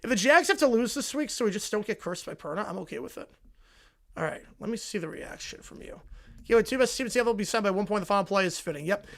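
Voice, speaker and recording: A young man with a fairly high voice runs a live football reaction stream from his home desk. He reads viewer messages aloud, excitable and rambling, as he talks into his desk mic. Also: fast, vocal fry. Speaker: livestream host reacting to football. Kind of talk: live stream chat reading donations. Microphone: desk mic with headphones.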